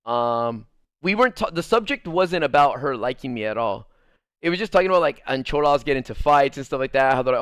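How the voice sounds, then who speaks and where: A man's voice: on the high side, normal speed, clear, resonant tone, no room sound, studio quality. A man telling a story in a casual, profane way, acting out his own lines and the other person's lines as he goes and laughing easily. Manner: swears a lot, tells the story with lively re-enacted quotes. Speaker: streamer.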